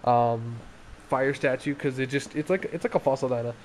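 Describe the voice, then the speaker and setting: A young man talking casually through his card game deck, excitable, laughing often and acting out his opponents. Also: mid-range voice, moderate pace, a little hiss or hum.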